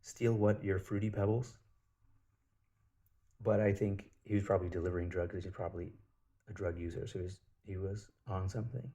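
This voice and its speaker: Low, mellow-voiced man rambling. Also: steady tone, quick pace. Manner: rambling, profane storytelling. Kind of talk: casual monologue.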